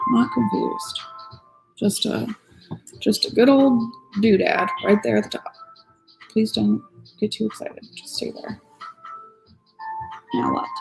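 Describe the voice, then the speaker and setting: Woman streaming a build, slow gravelly chat, grumbles playfully, faint music in the back. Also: a little high, poor audio. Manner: chatty, self-deprecating, playfully grumbling. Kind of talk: casual commentary while building a model. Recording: soft music playing behind.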